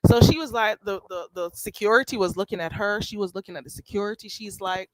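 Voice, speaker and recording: A woman's voice: medium pitch, quick pace, hardly any pauses, no echo, poor audio. A woman, nasal and congested, casually telling a gossip story to her livestream chat with many restarts and asides. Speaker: livestream host.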